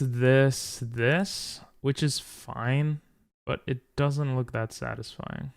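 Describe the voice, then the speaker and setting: A man's voice: medium pitch, fairly even intonation, takes it slowly, vocal fry. A tired, frustrated man commentating his own chess game, thinking aloud and talking to viewers. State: tired from little sleep. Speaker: chess streamer.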